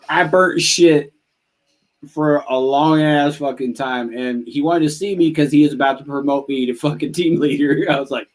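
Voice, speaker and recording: A man talks casually as a podcast guest, retelling army stories with nonstop swearing and quick laughter. His quoted lines shoot up high. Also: low-quality recording. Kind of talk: casual storytelling chat.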